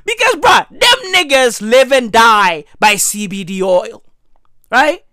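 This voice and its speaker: Hoarse, animated, profane male ranter. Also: extremely high pitch, slow, no echo, studio quality. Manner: animated, profane, repeats "right?" and "bruh". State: hoarse, losing his voice. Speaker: commentary vlogger. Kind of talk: comedic news rant.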